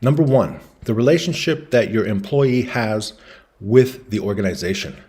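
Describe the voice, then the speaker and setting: A man's voice: mid-range voice, normal speed, darkish tone. Man talking through business slides. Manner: casual storytelling, acts out quoted voices. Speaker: business lecturer. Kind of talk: explaining slides in a lecture video.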